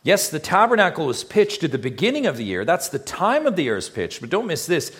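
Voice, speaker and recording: A man's voice: a little high, huge pitch swings, fairly quick, a bit bright. A man preaching a sermon as pastor, emphatic, drawing the congregation in with rhetorical questions he answers himself.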